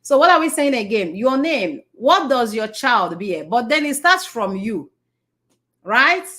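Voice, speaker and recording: A middle-aged woman with a Nigerian accent talks to an audience in a loose, conversational way. She circles back to her points, restarts her sentences, and keeps checking in with rhetorical questions. Her voice sits a little higher than most women's. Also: sing-song, unhurried, sharp tone. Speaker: speaker addressing an audience. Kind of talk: motivational talk.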